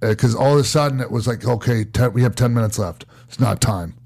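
Relaxed man hosting a casual chat. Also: mid-range voice, a little fast, creaky. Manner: relaxed, prompting, swears casually.

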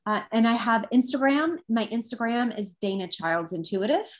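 A woman's voice: fairly high pitch, lively intonation, moderate pace. A woman guest who teaches intuitive development, telling a story in an earnest, reflective casual chat.

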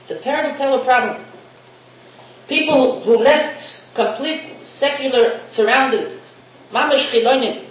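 This rabbi's voice is extremely high-pitched and a bit bright, at normal speed, as he delivers a sermon built around a parable sprinkled with Hebrew and Yiddish terms. Faint hiss, a distant mic, and an echoey room mark the recording.

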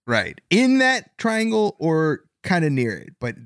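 A man's voice: on the high side, sing-song, a little slow, a bit bright, smooth, no echo. Guy hosting a paranormal podcast, rambly, lots of ums, dry close mic. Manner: rambling, with fillers and self-corrections. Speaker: podcast host. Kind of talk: casual chat, presenting a paranormal case.

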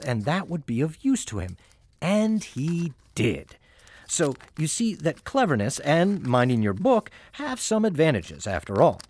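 A man narrating a fairy tale in a playful, scripted storybook style, turning now and then to address the listeners directly. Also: on the high side. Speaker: audiobook narrator. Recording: home recording with steady background hiss.

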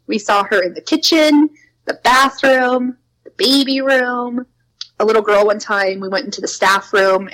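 A young woman casually telling spooky stories from her preschool job. She fills her talk with "like" and acts out quotes in a higher voice. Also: fairly bright tone, low-quality recording. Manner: chatty, lots of "like", acts out quotes with a raised voice. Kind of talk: casual storytelling.

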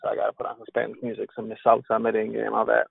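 A man's voice: lowish voice, completely flat delivery, racing, gravelly, slightly rough, no room sound. A man guesting on a podcast, talking in an earnest, candid, slightly preachy way about ministry. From Hispanic roots in the US. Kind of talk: casual podcast conversation. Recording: tinny phone-like line.

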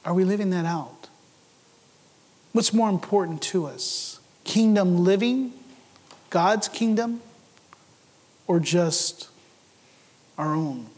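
A man's voice: high voice, lively intonation, takes it slowly, long pauses, a little mellow, breathy edge. A man preaching a sermon as pastor, earnestly putting rhetorical questions to his congregation in a church sanctuary. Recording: long hall reverb.

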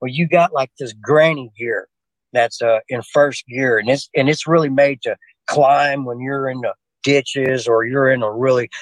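A man's voice: mid-range voice, steady tone, normal speed, no room sound, low-quality recording. An older man telling a personal story to a host in a rambling way. He often restarts his sentences and keeps turning to the host by name. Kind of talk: rambling spoken anecdote.

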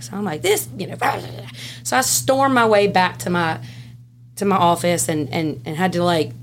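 Animated Southern woman telling a story. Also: medium pitch, measured pace, a little hiss or hum. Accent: Louisiana Southern US. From Southern United States. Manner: animated, laughing, swings between loud and hushed. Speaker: podcast guest, former prison classification officer. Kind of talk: casual storytelling.

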